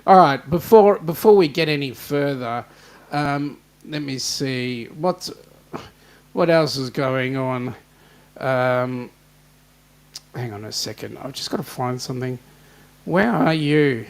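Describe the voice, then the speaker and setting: A man's voice: mid-range voice, slow pace. An Australian man hosting a casual live-stream chat, joking and greeting viewers by name. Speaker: host.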